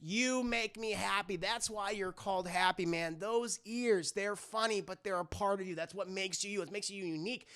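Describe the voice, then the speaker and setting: Dude voicing a earnest young reindeer, rambly and sweary, bright gravelly voice. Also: male voice, high voice, fairly even intonation, normal speed, hardly any pauses. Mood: reassuring. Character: friendly young male reindeer, earnest and upbeat.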